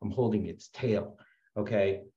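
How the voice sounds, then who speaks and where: In an unhurried, dark-toned voice on the low side, a man gives an earnest personal share at a recovery meeting, rambling with plenty of fillers and restarts. The audio is lo-fi with a roomy sound.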